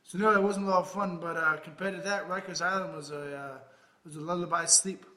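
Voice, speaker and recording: A man's voice: high voice, fairly even intonation, brisk, sharp tone, echoey room, rough recording. A man playing a rambling aging ex-rocker and ex-convict, hesitant and full of filler sounds. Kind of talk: improvised comedy interview.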